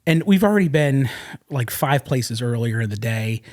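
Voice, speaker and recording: A man telling rambling, animated anecdotes as a podcast guest, with many fillers and restarts. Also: medium pitch, moderate pace. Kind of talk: casual storytelling. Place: podcast studio.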